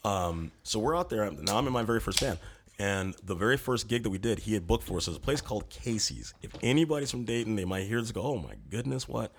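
A man telling a casual, animated story as a guest on a talk show. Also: fairly low pitch, fast, slight background noise. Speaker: musician guest.

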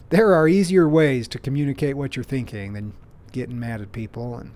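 On his own show, this man chats loosely and tells stories by himself, frequently starting over and joking at his own expense. His voice is medium in pitch and darkish, delivered at a moderate pace.

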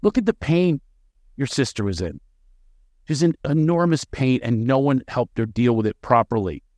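Animated comedian man telling stories. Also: medium pitch, no echo, studio quality. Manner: energetic, jumps into quick character voices. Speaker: comedian guest. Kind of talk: animated podcast storytelling.

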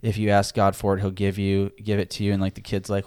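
A man co-hosting a casual conversation about faith, easygoing and affirming, quick to joke. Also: deep voice, completely flat delivery, darkish tone, smooth, dry recording.

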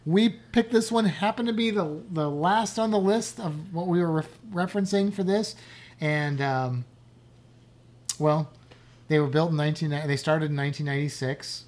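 A woman's voice: low-pitched, normal speed, darkish tone. A woman co-hosting a podcast in casual, rambling, self-deprecating chat. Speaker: podcast co-host.

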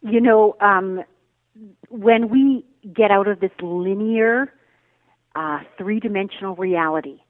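A woman's voice: mid-range voice, no echo. Woman on a thin phone-like line. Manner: thoughtful, searching, with many "um" and "uh" pauses. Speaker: guest, meditation teacher. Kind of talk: reflective spiritual interview talk. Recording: phone-like remote call audio.

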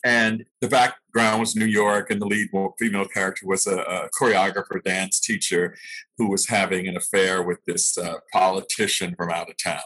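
A man's voice: low voice, flat delivery, moderate pace, sharp tone, husky, poor audio. An older man, an actor being interviewed, telling stories of his early training, reflective and laughing at himself now and then. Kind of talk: storytelling in an interview.

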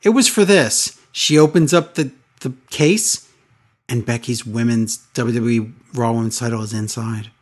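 A man co-hosting a podcast, chatting casually and retelling scenes with excitable voice changes. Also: medium pitch, moderate pace. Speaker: podcast co-host. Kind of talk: casual podcast chat recapping wrestling.

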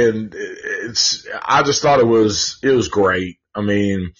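Male host, casual live film review, slow and profane, husky, dull lo-fi sound. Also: on the low side, a bit bright. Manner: rambling, profane, many fillers and restarts.

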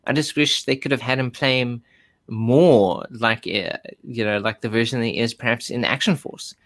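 A man's voice: medium pitch, moderate pace, a bit bright. A man chatting casually as a podcast co-host, hesitant with many ums and restarts. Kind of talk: casual chat.

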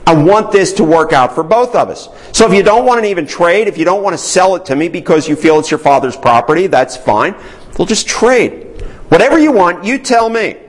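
A man's voice: high-pitched, expressive, brisk, rough recording. A man voicing a king who coaxes his neighbor to trade, with a friendly, cajoling manner. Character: ancient king coaxing a neighbor, wheedling.

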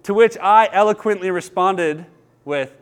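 A man's voice: sits high, unhurried, clear, resonant tone. A man in his thirties preaching a sermon, earnest and telling personal stories with laughter. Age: 30s. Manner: earnest, storytelling, lively with laughter. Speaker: pastor.

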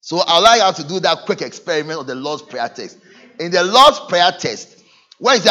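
A man's voice: on the high side, moderate pace. A man preaching a sermon as pastor, acting out the voices of people in his stories. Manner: lively preaching with dramatic acted quotes. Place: church. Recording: dull lo-fi church recording.

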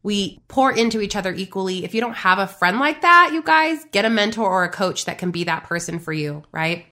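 A woman with a bright, ringing voice hosts a motivational podcast. She talks in a casual, emphatic monologue and keeps turning to her listeners to address them directly. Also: medium pitch, big pitch swings, fairly quick. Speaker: podcast host and business coach.

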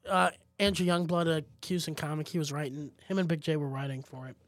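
A man with a high, light speaking voice chats casually as a comedian co-hosting a podcast. He tells his stories with animation and breaks into loud, excited bursts when acting them out. The sound is dry and close. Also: fast talker, no room sound. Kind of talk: casual chat, storytelling.

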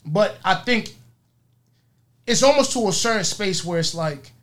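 A man's voice: high voice, animated, a little slow, fairly bright tone. A man hosting a casual podcast chat, talking loosely with many restarts. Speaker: podcast host.

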